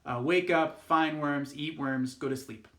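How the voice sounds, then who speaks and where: A man's voice: on the high side, a little slow, fairly bright tone, roomy sound. A man, a youth pastor, telling a fable in a casual, rambling way, with lots of fillers and restarts. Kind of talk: youth group devotional talk.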